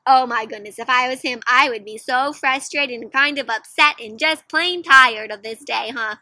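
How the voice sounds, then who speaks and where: A young woman reads a picture book aloud to kids with a high, bright voice. She is animated, gasps at the surprises, and keeps asking her listeners questions. The recording is dry, with no room echo. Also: moderate pace. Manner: animated, gasping, asks children questions. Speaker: children's storyteller. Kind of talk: interactive read-aloud for kids.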